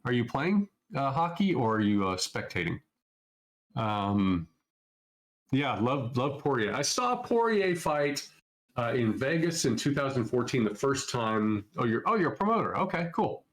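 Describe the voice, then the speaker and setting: A man's voice: mid-range voice, sing-song, measured pace, poor audio. A middle-aged man from Minnesota hosting a casual live Q&A, answering viewer questions off the cuff in a loose, chatty way. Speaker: trading educator hosting a Q&A.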